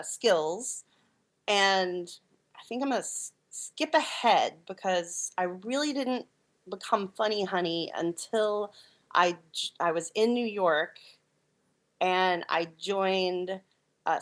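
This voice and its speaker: Middle-aged woman guest, animated storyteller, bright, crisp tone, laughs easily, acts out what people said. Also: mid-range voice. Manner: animated, laughs often, acts out quoted lines. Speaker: puppeteer and clown, interview guest. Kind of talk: casual storytelling interview.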